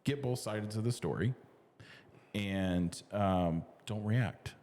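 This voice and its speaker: A man's voice: fairly low pitch, takes it slowly, darkish tone, big-room sound. A middle-aged man co-hosting a casual talk show, talking in loose restarts with lots of fillers and easy laughs. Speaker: podcast co-host. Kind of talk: casual conversation.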